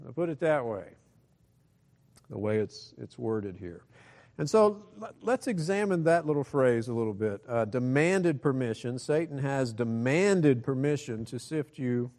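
Male preacher, mid-pitched, conversational sermon with joking asides, booming scripture readings. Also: animated, measured pace, darkish tone. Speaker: pastor.

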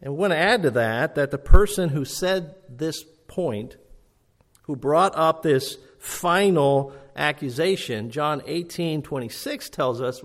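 A man preaching an expository sermon in an earnest, emphatic way, rising and falling for stress. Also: on the high side.

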